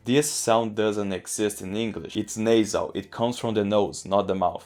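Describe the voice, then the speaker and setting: A man from Brazil with a Brazilian Portuguese accent and Portuguese as his first language, host of a travel channel, giving clear, upbeat scripted instruction and slowing down to model example words. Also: on the low side, steady tone. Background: faint guitar music.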